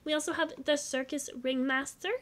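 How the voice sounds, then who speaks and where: A young woman hosting a casual game video, chatty and gushing with soft asides. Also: sits high, steady tone, fairly quick. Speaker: gaming channel host.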